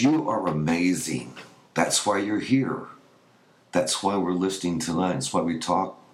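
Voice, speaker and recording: A man hosting his own podcast, talking in an earnest, encouraging, rambling way with restarts. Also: low-pitched. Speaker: podcast host. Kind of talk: casual podcast monologue. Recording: echoey room with faint noise.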